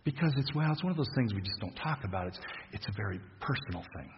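A man's voice: on the low side, lively intonation, highs cut off, noisy background. Man preaching in an echoey church. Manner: conversational, halting with restarts and soft laughs. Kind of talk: sermon.

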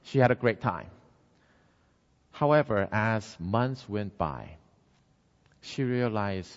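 A man's voice: on the low side, slow, pauses often. A man preaching a storytelling sermon, acting out the people in his story. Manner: lively storytelling, acts out the characters. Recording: dull sound, long hall reverb.

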